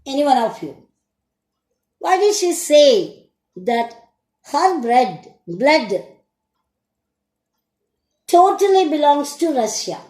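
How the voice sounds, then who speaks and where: A woman with an Indian English accent teaching an English lesson, speaking slowly and deliberately and asking her students questions. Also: high voice, very animated, a little mellow, reverberant, rough recording. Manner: slow, deliberate, asks the class questions. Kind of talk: classroom lesson recording.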